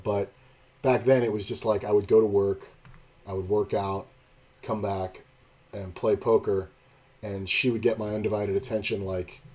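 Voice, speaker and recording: A man's voice: on the low side, mellow. A man streaming poker and telling a rambling, blunt, profane story in casual chat.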